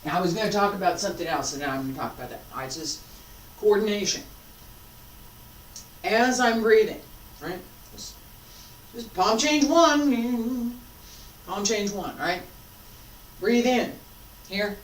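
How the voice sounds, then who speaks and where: A woman teaching a martial arts class, calmly coaching breath and movement and repeating cues. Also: medium pitch, moderate pace, long pauses. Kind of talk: class instruction while practicing. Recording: roomy, from a distance with faint noise.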